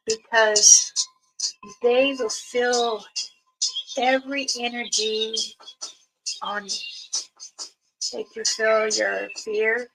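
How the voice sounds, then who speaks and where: A woman with a fairly high voice tells a rambling story at an unhurried, drawn-out pace. She is an elder healer on a livestream, and her voice keeps leaping up in pitch mid-sentence. Clear music plays behind her. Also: level tone, fairly bright tone, low-quality recording. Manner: rambling, with sudden jumps up in pitch. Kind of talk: casual spoken storytelling on a livestream.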